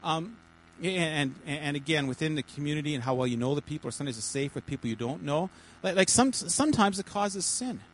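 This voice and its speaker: A man, a pastor, giving informal teaching to a small church group in a halting, chatty way, with many repeated words and restarts. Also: a little high, animated, slight background noise, low-quality recording. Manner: chatty, jokey asides.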